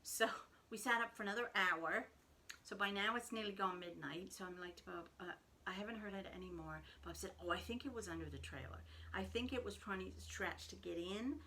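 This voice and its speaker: Gravelly-voiced woman telling a story. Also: medium pitch, brisk, slight background noise. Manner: animated storyteller, acts out quoted voices. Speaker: knitting podcast host. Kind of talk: casual storytelling.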